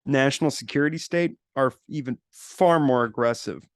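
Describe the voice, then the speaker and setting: A man's voice: medium pitch, moderate pace, no echo, clean studio sound. A man speaking as a podcast guest, blunt and opinionated in casual political talk.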